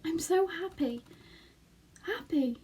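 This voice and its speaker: A woman voicing a tiny young girl who speaks in breathless, tearful excitement. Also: very high-pitched, slow, voice pushed up, full character voice. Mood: excited.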